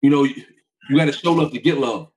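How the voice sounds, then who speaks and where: A man's voice: mid-range voice, fast talker, crowd noise, poor audio. A man from Brooklyn, New York, hosting a casual chat in an easygoing, reflective manner.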